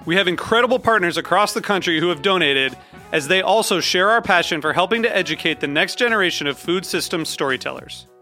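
A man reading a station's donation appeal in an earnest, even manner. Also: high-pitched, fast, soft background music. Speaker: station fundraising announcer.

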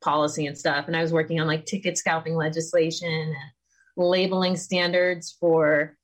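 A woman's voice: deep voice, level tone, normal speed, poor audio. A woman in her thirties, a guest in a conversational interview, chatty and self-deprecating, often quoting herself. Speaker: podcast guest, communications strategist.

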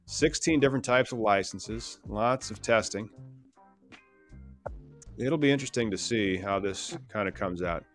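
A man co-hosting a casual podcast chat, reading out news items with quick joking asides. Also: fairly low pitch, faint music behind. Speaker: podcast co-host.

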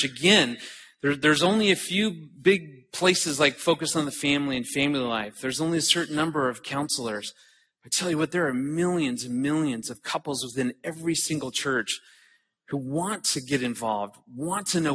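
A man's voice: mid-range voice, normal speed, sharp tone, breathy edge. A man in his forties giving an earnest conference talk, telling a personal story and often repeating words as he starts a sentence. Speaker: conference speaker.

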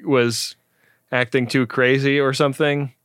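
A man's voice: mid-range voice, flat delivery, measured pace, fairly bright tone, smooth, no echo. Casual man recapping, dry close mic. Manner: loose, filler-heavy retelling of plot. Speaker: podcast co-host. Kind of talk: casual episode recap chat.

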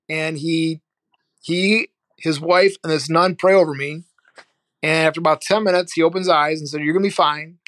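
In a dry recording, a fairly high-pitched middle-aged man from Ohio, United States, tells his own story as a guest in a casual interview. He's candid and animated, painting it vividly and swearing freely along the way.

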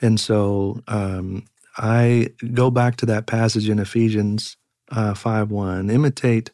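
A middle-aged man, a pastor, telling reflective stories in an earnest, halting way with many fillers. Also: on the low side, fairly even intonation, a little mellow, no echo, studio quality. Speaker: pastor and guest. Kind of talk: reflective conversational storytelling.

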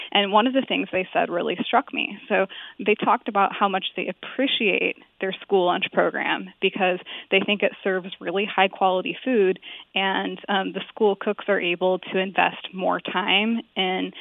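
A woman author, giving a thoughtful interview answer and filling pauses with "um" and "like". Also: mid-range voice, steady tone, vocal fry, dry recording. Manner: thoughtful, many fillers like "um" and "like". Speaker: author and guest. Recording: tinny phone-line sound.

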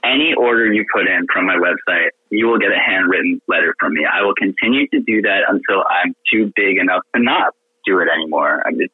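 A man calling in as a podcast guest, telling stories in an animated, emotional way with many restarts. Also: sits low, a little fast, slightly rough, dry recording. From Florida. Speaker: guest business owner. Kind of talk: casual storytelling on a podcast. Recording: phone-line call-in.

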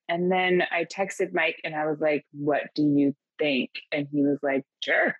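A woman's voice: lowish voice, steady tone, unhurried, few pauses, dry recording, highs cut off. A woman co-hosting a podcast from a house, chatting casually with a wry humor and frequent laughter. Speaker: podcast co-host. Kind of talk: casual comedic chat. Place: house in New Orleans.

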